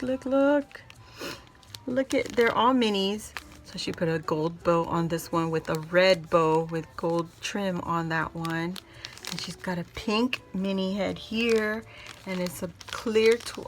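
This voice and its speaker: A middle-aged woman hosting a casual crafting vlog, opening mail at home and gushing over each item, repeating her words when excited. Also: fairly low pitch, unhurried, slight background noise. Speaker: crafting channel host.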